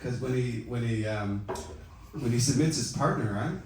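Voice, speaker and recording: A middle-aged man doing a stand-up comedy set, delivering deadpan self-mocking one-liners. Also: medium pitch, moderate pace. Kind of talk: open-mic stand-up set. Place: comedy club stage with audience. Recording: echoey club from far off, loud noise. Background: audience laughter.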